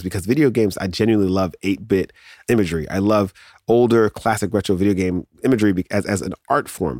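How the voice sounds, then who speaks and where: A man in his thirties hosting a podcast, rambling through a casual nostalgic rant full of restarts and sudden jumps in pitch. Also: no echo, clean studio sound. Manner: rambling, self-interrupting, animated with laughs and sudden pitch jumps. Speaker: podcast host.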